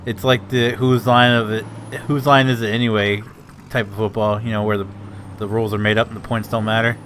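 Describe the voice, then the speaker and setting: A man's voice: lowish voice, flat delivery, fairly quick, fairly bright tone, a little hiss or hum. Rambling, easygoing gamer man. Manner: rambling, hesitant. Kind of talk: casual gaming chat.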